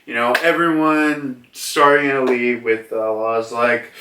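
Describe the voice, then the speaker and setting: A man's voice: medium pitch, flat delivery, slow, hardly any pauses, sharp tone. A man casually recapping a manga chapter, rambling with lots of fillers as he goes. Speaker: manga reviewer. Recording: roomy, from a distance.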